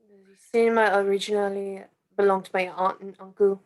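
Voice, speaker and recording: Female reader as a wary young cinema owner, terse and monotone. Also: mid-range voice, brisk, natural voice. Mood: guarded. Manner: terse, flat, careful answers. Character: guarded young Jewish woman cinema owner, composed. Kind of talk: amateur script reading.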